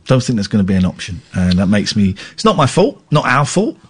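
A man's voice: lowish voice, big pitch swings, a little fast, husky. A man hosting a late-night radio show, joking and self-mocking, rambling with restarts into a studio microphone. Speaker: radio host.

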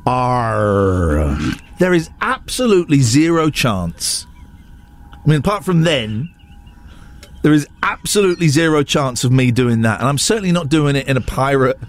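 A man's voice: fairly high pitch, expressive, normal speed. A man hosting a radio breakfast show, bantering in a teasing, mock-outraged way. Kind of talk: casual on-air banter.

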